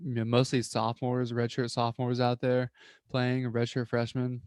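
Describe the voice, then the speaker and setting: A man co-hosting a casual sports podcast, speaking calmly in short, measured remarks. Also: mid-range voice, clean tone, no echo, clean studio sound. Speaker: podcast co-host.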